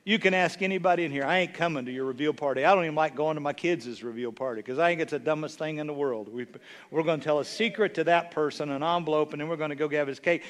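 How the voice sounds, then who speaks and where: A man with a high, bright, ringing voice preaches with a drawl. He rambles through funny stories, then punches his points home in loud, rising bursts. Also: fast. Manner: folksy, humorous storytelling with rising emphatic bursts. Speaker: bishop preaching. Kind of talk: sermon.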